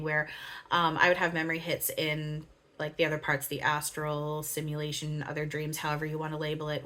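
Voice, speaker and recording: A young woman speaks in a casual spiritual monologue, filling her talk with "um"s and little giggles. Her voice sits a bit low for a woman. She sounds close to a home webcam mic. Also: a bit bright. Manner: rambling, giggly, many fillers. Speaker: spiritual channeler.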